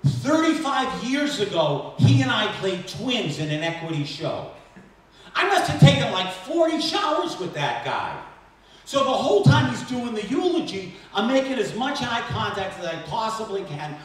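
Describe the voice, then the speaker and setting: A man in his fifties doing a stand-up comedy set at a benefit concert, talking in an animated, jokey, self-deprecating way. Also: sits high. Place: stage at a benefit concert in a temple. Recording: echoey room from far off with faint ambience.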